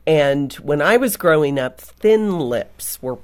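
A woman co-hosting a radio interview, sharing a personal story in an unhurried way. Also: sits low, lively intonation.

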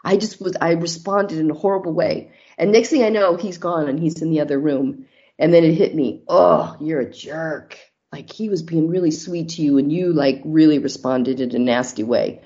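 A woman's voice: sits low, a little fast, warm tone, highs cut off. A middle-aged married woman speaking candidly as an interview guest, telling personal stories with a faith-based outlook. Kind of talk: casual interview talk.

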